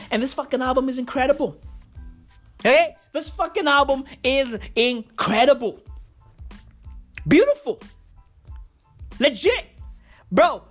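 Hyped woman ranting loud for a vlog, cussing a lot, drawn out and slow, bit high. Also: breathy edge. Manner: loud, swearing, hyped and repetitive. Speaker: vlogger. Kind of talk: casual comedic rant.

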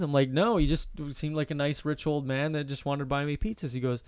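A man in his twenties who laughs easily and throws in quick remarks as he tells his own story. His voice sits slightly high, and the recording is close and dry. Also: steady tone, a little mellow, clean tone, no echo. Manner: laughs often, quick reactive interjections. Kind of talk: casual storytelling chat.

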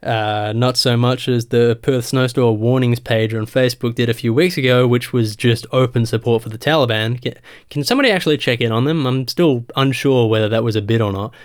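A man delivering a satirical stand-up monologue, listing mock statistics in a dry, sarcastic, deadpan way. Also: mid-range voice, a little fast, smooth. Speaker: comedian.

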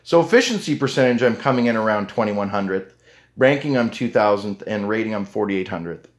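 A man's voice: on the low side, animated, brisk. Chatty rambling man hosting a podcast. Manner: rambling and chatty, with many fillers and restarts. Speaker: podcast host. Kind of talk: casual solo podcast talk.

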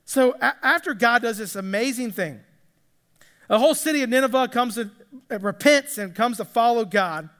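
A man's voice: sits high, pushed and bright. A man preaching a casual, chatty sermon, joking and acting out the quotes. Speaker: pastor. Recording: long hall reverb.

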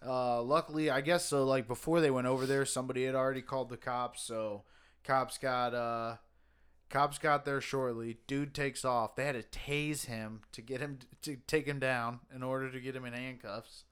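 A man with a smooth, resonant voice tells an odd news story in loose podcast chat. He rambles through it with fillers and the odd curse, reading and riffing as he goes. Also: mid-range voice, fairly even intonation, moderate pace, fairly bright tone. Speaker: podcast co-host. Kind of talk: casual chat, reading news stories aloud.

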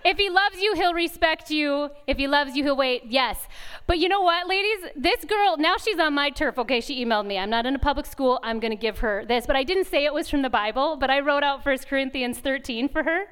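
A woman speaking at a retreat chapel session, telling stories candidly and acting out bits of dialogue in an animated, conversational devotional talk. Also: high voice, fairly quick. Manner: animated storytelling, acts out dialogue; laughs often, candid and confessional.

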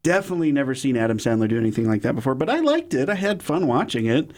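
A man's voice: mid-range voice, big pitch swings, darkish tone. Easygoing man recommending films. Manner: easygoing, halting with fillers. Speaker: podcast co-host. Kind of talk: casual chat.

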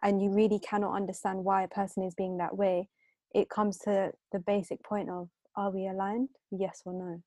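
A woman's voice: mid-range voice, level tone, normal speed, dark tone, no room sound. A young woman co-hosting a podcast, talking earnestly and frankly about feelings in relationships. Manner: earnest, opinionated, self-described as very emotional. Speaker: podcast co-host. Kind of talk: casual podcast chat.

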